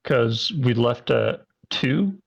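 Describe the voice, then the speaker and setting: Slow, gravelly-voiced man. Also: medium pitch, animated. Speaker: player. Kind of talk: casual game talk. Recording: dull lo-fi mic.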